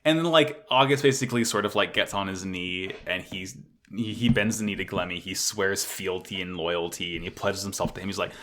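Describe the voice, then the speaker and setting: A man co-hosting a casual anime recap podcast, swearing freely and getting excited as he retells scenes. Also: low-pitched, fairly quick. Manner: profane, excitable, voices characters loosely. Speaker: podcast co-host.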